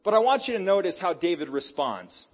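A male preacher giving a sermon, retelling scripture in a hyper, animated way with casual slang. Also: sits high, fairly quick, slightly rough.

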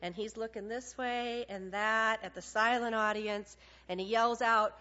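A woman preaching a sermon, animated and conversational, acting out little dialogues with God. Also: a little high, a little slow. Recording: dull lo-fi sound.

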